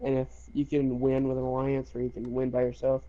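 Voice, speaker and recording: A young man telling a game story in casual chat, animated, laughing and swearing. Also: mid-range voice, brisk, highs cut off.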